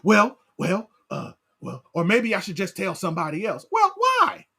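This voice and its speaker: A man leading a Bible study as pastor, animated, asking his class questions and often tagging on "right?". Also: high-pitched, normal speed, creaky, husky.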